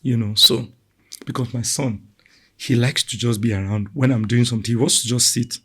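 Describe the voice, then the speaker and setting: A middle-aged man with a slightly husky, breathy voice chats easily about raising his children. He talks in a relaxed, conversational way and slips into lively acted-out quotes. His pitch sits in an ordinary middle range. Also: normal speed. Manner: animated, acts out quoted voices loudly. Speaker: parenting podcast co-host. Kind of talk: casual conversational talk.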